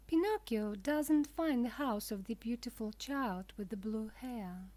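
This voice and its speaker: A woman narrating a children's storybook for English learners, with clear, deliberate, simple phrasing. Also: a little high, mellow.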